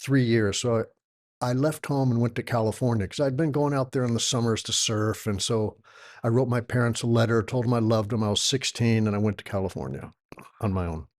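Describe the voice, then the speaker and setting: A man in his sixties from Texas, a yoga teacher telling stories as a podcast guest, lively and acting out voices. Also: mid-range voice, a little fast. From Texas, United States. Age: 60s. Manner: animated storyteller who acts out quoted voices. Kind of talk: storytelling in a conversational interview.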